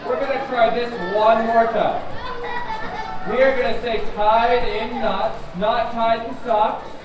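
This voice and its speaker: An extremely high-pitched man speaks slowly in a level tone while working as a children's magician at a live orchard show. His act is playful and chanting, laced with mock surprise, and the recording is distant and echoey, with music and a crowd.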